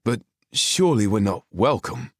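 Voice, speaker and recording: A man's voice: lowish voice, sing-song, normal speed, no room sound, clean studio sound, pitched above the performer's own voice. A man voicing an unsure, earnest teenage boy in an audiobook. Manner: earnest, questioning.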